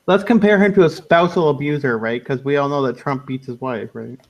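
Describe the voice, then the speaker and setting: A man's voice: medium pitch, a little fast. A man hosting a casual online radio chat, loose and laughing, often trailing off into mumbles. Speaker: podcast host.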